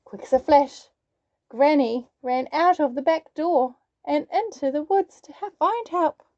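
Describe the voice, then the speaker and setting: A woman storyteller reading a children's story aloud in an expressive, sing-song way. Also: sits high, measured pace, no room sound, muffled recording.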